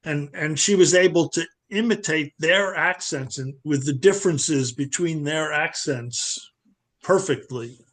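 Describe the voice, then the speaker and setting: A man's voice: a little high, measured pace, a bit bright. A man at a virtual reading tells a personal story in a casual way, with small stumbles and restarts. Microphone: video call.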